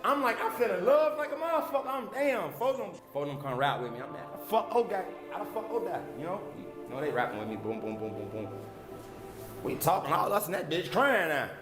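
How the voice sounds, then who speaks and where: A man telling street stories in an animated, excited way, full of swearing. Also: a little high, fairly quick, roomy sound, over music. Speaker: interviewee from the neighborhood. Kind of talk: animated storytelling.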